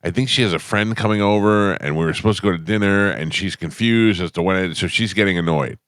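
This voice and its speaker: A middle-aged man hosting a morning radio show, telling a story with defensive energy and getting louder as he goes. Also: deep voice, fast talker, clean tone, no echo, studio quality. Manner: storytelling, defensive, gets louder when retelling. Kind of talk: casual morning radio banter. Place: radio studio. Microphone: studio microphone.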